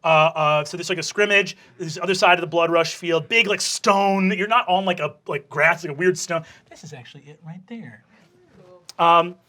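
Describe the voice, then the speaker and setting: A man's voice: high-pitched, moderate pace, sharp tone. A young man narrating a tabletop game as game master, casual and full of fillers and swearing.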